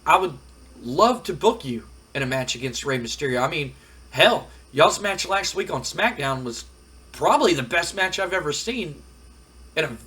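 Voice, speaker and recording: A man's voice: fairly high pitch, animated, moderate pace, sharp tone. Man doing a polite, apologetic promoter. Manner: soothing, apologetic. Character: apologetic male wrestling promoter, calm and polite.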